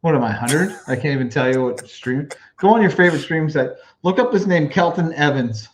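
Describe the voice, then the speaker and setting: A man co-hosting a podcast in casual chat, reacting with quick exclamations and laughing a lot. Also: a little high, animated, slight background noise. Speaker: podcast co-host.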